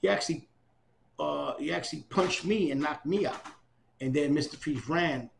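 Gravelly older New man telling stories. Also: a little high, moderate pace, a little hiss or hum. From New York City. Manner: animated storyteller, acts out quoted voices. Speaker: interviewee. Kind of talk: oral history storytelling.

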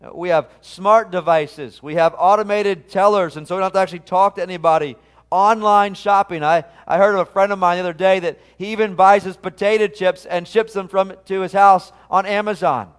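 A man's voice: high-pitched, steady tone, fairly quick, clear, resonant tone. A man, a pastor, preaching a sermon in an earnest, conversational way, often restarting his phrases. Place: church sanctuary.

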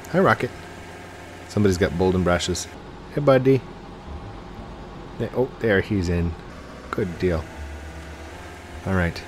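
Excitable young man narrating gameplay. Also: sits low, unhurried, long pauses, slight background noise. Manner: chatty and excitable, often gasping and exclaiming. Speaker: gaming channel host. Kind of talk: live gameplay commentary.

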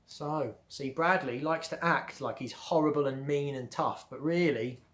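A male primary school teacher reading a children's book aloud in a steady, gentle way. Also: on the high side, unhurried.

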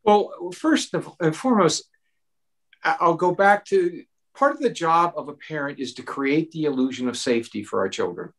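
A middle-aged man answering a question at a town hall, earnest and animated, giving parenting advice with personal stories. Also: fairly high pitch, normal speed. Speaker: mental health expert.

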